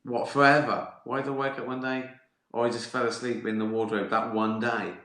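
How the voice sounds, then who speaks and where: A man's voice: medium pitch, little pitch movement, a little fast, fairly bright tone. A man hosting a live stream, answering viewer questions in a sweary, laughing, comic monologue. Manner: sweary, laughing, riffing on absurd ideas. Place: indoor room, live stream. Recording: roomy echo.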